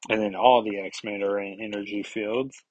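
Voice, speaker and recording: A man's voice: fairly low pitch, steady tone, moderate pace, a little mellow, highs cut off. A man casually recapping a comic book issue, rambling with many fillers and self-corrections.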